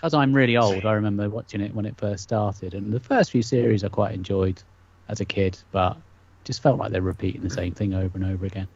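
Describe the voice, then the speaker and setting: A man's voice: lowish voice, steady tone, a little fast, few pauses, darkish tone, breathy edge, no room sound, muffled recording. A man on a podcast livestream, chiming in wryly during casual chat. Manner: wry, chiming in. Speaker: podcast co-host.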